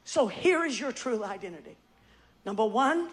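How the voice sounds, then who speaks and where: A woman preaching a sermon, emphatic and often shouting, who calls the congregation to answer her back. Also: a little high, sing-song, normal speed.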